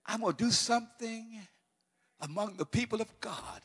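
At a normal speed and slightly rough, a man preaches in a bright, high, ringing voice, swinging from soft teaching into loud, fervent repeated lines. The sound echoes with a long, large-hall reverb.

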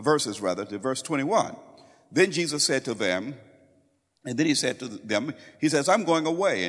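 A man's voice: mid-range voice, a bit bright. A man preaching a sermon, quoting scripture and explaining it with frequent repetitions. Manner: expounding scripture with quoted lines and repetitions. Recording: long hall reverb.

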